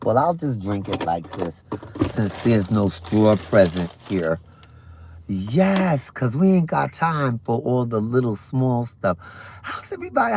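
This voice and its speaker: Lively chatty man hosting a livestream. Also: medium pitch, a little hiss or hum. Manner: animated, chatty, talks while eating. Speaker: livestream host. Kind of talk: casual morning livestream chat.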